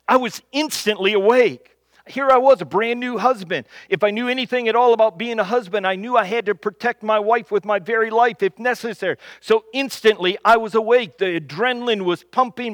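A man from Michigan telling a humorous personal story, with dramatic pauses, repeated phrases and building suspense. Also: high-pitched, fairly bright tone, dry recording.

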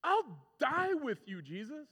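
Impulsive, excitable disciple, put on by a preacher, high voice, bursting delivery, hall reverb. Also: male voice, takes it slowly, heavily acted. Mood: fervent. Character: eager, impulsive young fisherman disciple. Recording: long reverb of a large hall.

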